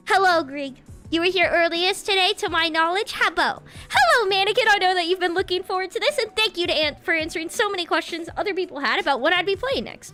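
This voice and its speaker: A woman's voice: very high-pitched, pushed and bright. A woman streamer chatting casually with her viewers, bubbly and giggly, slipping in playful meows. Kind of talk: casual livestream chat greeting viewers.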